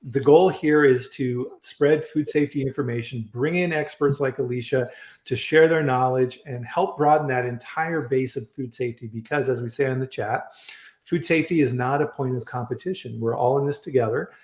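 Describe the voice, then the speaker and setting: Male host for a casual live chat show, mid-pitched, loose and talkative, recorded in an echoey room. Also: normal speed, a little mellow. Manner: chatty, rambling, frequent restarts and fillers. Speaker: host of a live online food safety chat. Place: home in Colorado. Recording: roomy echo.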